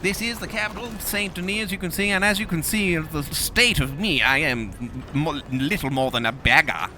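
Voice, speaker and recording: A man's voice: on the high side, normal speed, pushed and bright. A man hosting comedic gameplay commentary in a theatrical, pompous manner. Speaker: gaming host in character. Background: game music and sounds.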